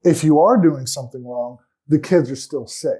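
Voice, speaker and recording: A man, a guest on a talk show, earnestly recounting a personal ordeal in an aggrieved tone, often trailing off quietly at the ends of sentences. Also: on the high side, normal speed, husky.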